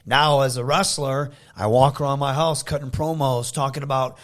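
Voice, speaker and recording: A man from Michigan, a wrestler guest telling animated stories in a casual interview, often slipping into loud impressions. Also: mid-range voice, normal speed, hardly any pauses. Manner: animated storyteller who slips into loud impressions.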